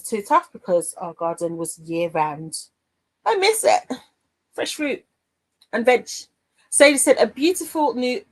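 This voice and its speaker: This middle-aged woman, speaking in a mid-range voice, hosts a craft livestream recorded in low quality. Casual and playful, she reads viewer comments aloud, stays warm with her audience, and tends to trail off and laugh.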